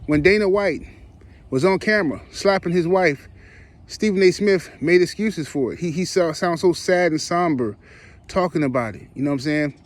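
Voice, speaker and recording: A man's voice: a little high, normal speed. A man giving heated, rambling opinion commentary for his online channel, in slangy speech with frequent restarts. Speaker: YouTube commentator.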